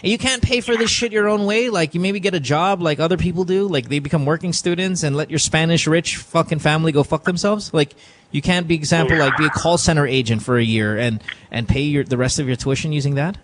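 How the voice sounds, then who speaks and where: A man hosting a call-in advice podcast, talking bluntly and profanely and acting out the caller's relatives in quick asides. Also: fairly high pitch, a little hiss or hum. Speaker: podcast host. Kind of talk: casual advice chat.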